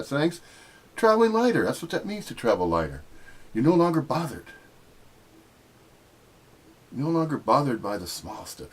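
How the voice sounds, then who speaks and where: A middle-aged American man giving a rambling, teasing spiritual talk, jumping up into sudden high-pitched emphasis. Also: breathy edge. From United States. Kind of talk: casual spiritual monologue.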